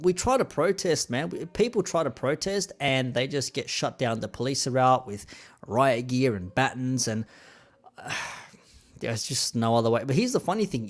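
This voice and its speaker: A man in his thirties with an Australian accent, hosting a laid-back, rambling live-stream chat in plain slang. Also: mid-range voice.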